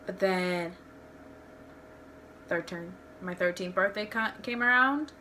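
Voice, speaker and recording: A woman's voice: fairly low pitch, slow pace, sharp tone, a little hiss or hum. A young woman tells personal stories in a candid, rambling home vlog, restarting her sentences often. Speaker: vlogger. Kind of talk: casual storytelling vlog.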